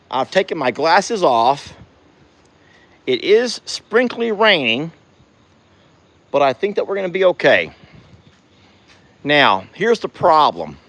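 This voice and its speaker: Out on a farm pasture, a ranch vlogger with a Southern US accent chats folksily to his viewers in a casual outdoor video. His voice is a little high, with a fairly bright tone.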